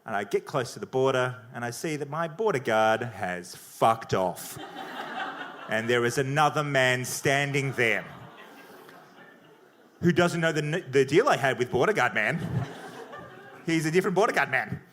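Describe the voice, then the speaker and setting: A man telling a profane, animated stand-up story at a comedy debate. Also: mid-range voice, moderate pace, pauses often, a little hiss or hum. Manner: animated, profane, punchy delivery. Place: comedy venue with audience.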